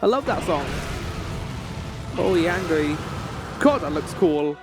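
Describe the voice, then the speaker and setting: A man's voice: on the high side, animated, takes it slowly, music in the background. A man streaming a game, chatting casually and joking with frequent laughs. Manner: chatty, jokey, laughs often. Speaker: gaming streamer.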